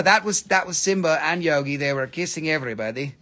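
Man host for a live sales stream, playful and joky, fairly high voice. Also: lively intonation, fast talker, fairly bright tone. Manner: playful and joking, swears freely, voices silly asides. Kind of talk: casual live sales chat.

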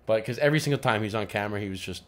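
A man co-hosting a casual podcast, telling stories and jumping into loud voices when he quotes people. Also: on the low side, racing. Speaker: podcast co-host. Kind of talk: casual chat.

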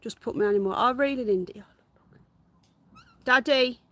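A woman's voice: fairly high pitch, normal speed, a bit bright. A woman hosting a live stream from her garden, chatting casually, greeting viewers by name and calling out to her pets. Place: garden outdoors.

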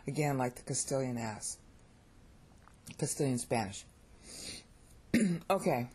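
A woman's voice: rumbling low, measured pace, darkish tone, slightly rough. An American woman giving an informal pronunciation lesson, opinionated and repeating words as she thinks aloud. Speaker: language teacher.

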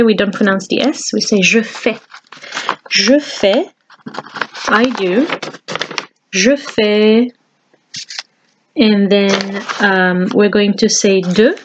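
A woman teaching French at a very unhurried pace, saying each word slowly and then repeating it. She sounds encouraging and patient, a teacher for parents and their children. A steady hiss runs under her voice. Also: medium pitch. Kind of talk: slow, patient language lesson for children and parents.

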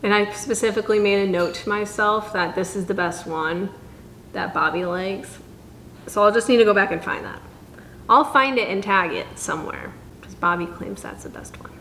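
A woman dietitian chatting casually through a home cooking vlog, self-deprecating and quick to laugh. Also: medium pitch, fairly bright tone, roomy sound, a little hiss or hum. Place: home kitchen.

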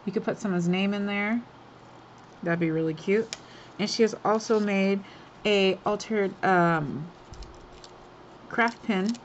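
A woman's voice: medium pitch, slow pace, pauses often, dull audio, a little hiss or hum. A woman hosting a craft swap, chatting casually and gushing over each item as she unboxes it, laughing often.

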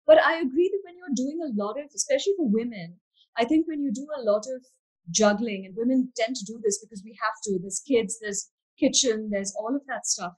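A woman's voice: fairly high pitch, lively intonation, brisk, a little mellow, husky, rough recording. A woman architect and curator answering interview questions over a video call in an earnest, reflective way. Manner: earnest, reflective, speaks of faith. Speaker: architect and curator, panel guest.

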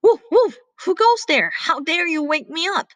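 Woman playing an excited old farm dog. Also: extremely high pitch, normal speed, pitched above the performer's own voice. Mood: outraged. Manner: barking, indignant outbursts.

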